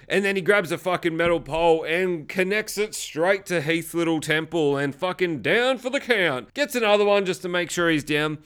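A man recaps a film as a show host. His voice sits a bit high and sounds smooth and clear. He tells the story casually and with energy, and he swears all the way through. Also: fairly quick, hardly any pauses. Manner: profane, lively storytelling.

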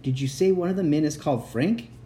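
A man's voice: on the high side, fairly quick, warm tone, a little hiss or hum, natural voice. A man voicing a brave young boy who leads a dragon escape, giving urgent orders. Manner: urgent, commanding.

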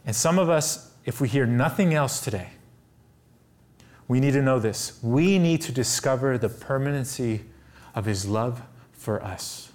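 A man's voice: mid-range voice, expressive, unhurried, a little mellow. Earnest male pastor preaching a sermon. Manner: earnest, building to raised emphatic peaks, often saying "listen".

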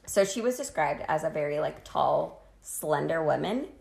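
A woman with a low, gravelly voice tells a history story in a casual chat, swearing and joking as she goes. She sounds a little tipsy from wine. The recording has a noticeably echoey room sound. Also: expressive, normal speed, darkish tone. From Washington state, US. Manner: crude, jokey, laughs often. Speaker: podcast co-host telling a history story.

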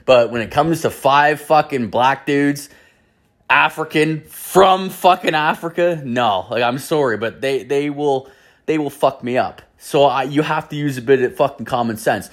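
A man's voice: medium pitch, measured pace. Profane rambling podcast host, a man. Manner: rambling, heavily profane, hedges with "like". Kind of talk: solo podcast storytelling.

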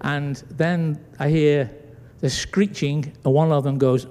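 Slowly and in a slightly high voice, a British man preaches a sermon, bringing his story to life by performing its characters' dialogue. He's a pastor speaking in a church sanctuary, and the recording has long church hall reverb.

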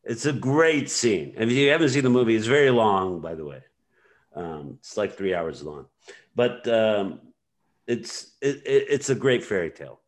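A man's voice: on the low side, big pitch swings, normal speed. A man hosting a podcast in casual conversation, talking in a meandering way with many fillers as he retells scenes. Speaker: podcast host.

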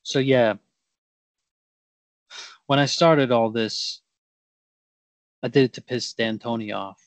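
A man's voice: mid-range voice, takes it slowly, no room sound. A man playing a brash male fruit-growing scientist in an improv comedy sketch, talking in pushy, rambling banter. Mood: heated.

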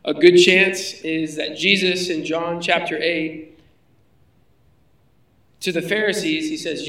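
A man's voice: on the high side, fairly even intonation, a little slow, a bit bright, echoey room, distant mic, low-quality recording. A man preaching a sermon in a conversational way, asking his listeners rhetorical questions. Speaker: pastor.

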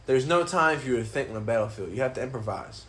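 A man's voice: mid-range voice, expressive, fast talker, a bit bright. Loose, profane podcast host man. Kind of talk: casual podcast chat. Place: apartment room.

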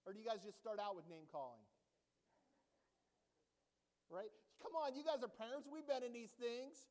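A man preaching from the pulpit, his voice sitting high for a man. He talks animatedly, trading jokes with the congregation and slipping into mocking voices. The room carries a long reverb. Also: big pitch swings, normal speed, a little mellow. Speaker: pastor. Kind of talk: sermon. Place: church sanctuary.

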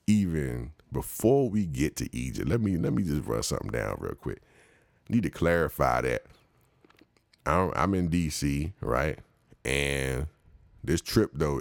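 A man's voice: extremely low pitch, vocal fry, no echo. A man hosting a show, telling casual comic stories in a slangy, rambling way and laughing often.

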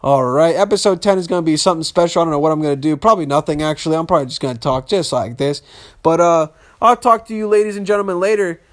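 A man's voice: fairly high pitch, fast talker. A young man hosting a casual solo podcast, rambling and swearing freely in slangy talk. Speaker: podcast host.

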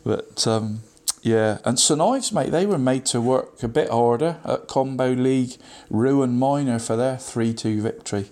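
A man's voice: mid-range voice, unhurried, few pauses, dark tone. Chatty man reading football results. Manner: chatty, constantly says "mate", frequent ums and restarts. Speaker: local football results presenter. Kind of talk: casual radio football roundup.

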